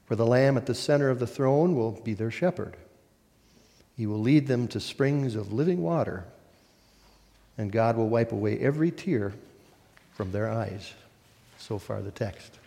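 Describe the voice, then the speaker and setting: Solemn pastor in a reverberant church. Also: male voice, medium pitch, expressive, creaky, warm tone. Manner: measured, solemn reading with deliberate pauses. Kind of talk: sermon with scripture reading.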